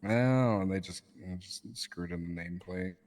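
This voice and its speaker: A man's voice: deep voice, moderate pace, a little mellow. A man interviewing a colleague in character during a roleplay game, asking joking, offhand questions. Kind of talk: in-character casual chat.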